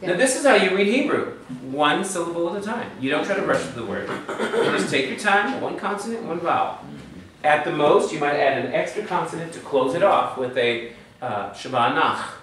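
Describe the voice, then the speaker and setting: A man's voice: fairly high pitch, lively intonation, normal speed, fairly bright tone. A man teaching a Hebrew lesson patiently, drilling the class and checking in with frequent questions. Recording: echoey room from far off, faint hum.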